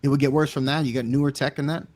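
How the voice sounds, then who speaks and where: A man's voice: mid-range voice, steady tone, racing, darkish tone. A man co-hosting a casual group chat, teasing the others with wry asides. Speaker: co-host.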